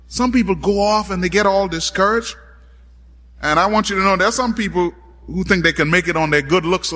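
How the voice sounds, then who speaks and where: A man's voice: high voice, sharp tone, big-room sound. A man preaching a dramatic sermon, calling out to his congregation and acting out the voices in the story.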